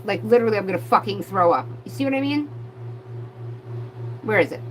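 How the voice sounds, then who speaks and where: A woman giving a live tarot reading, reading cards aloud and breaking off into excited, profane outbursts. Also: mid-range voice, fairly quick, slight background noise, poor audio. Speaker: tarot reader.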